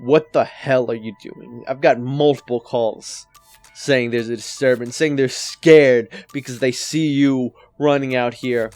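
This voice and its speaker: A man voicing a gruff male police officer who questions someone bluntly and swears. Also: medium pitch, fairly even intonation, a little slow, a little mellow, dry recording, faint music behind, lightly acted. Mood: stern. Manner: blunt, cursing, demanding. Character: gruff male cop scolding a jogger.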